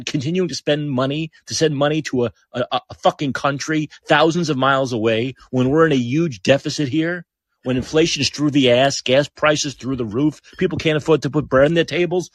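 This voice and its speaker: A male podcast host gives blunt, heated political commentary, swearing freely and repeating phrases for emphasis. His voice is fairly high, captured with clean studio sound and no echo.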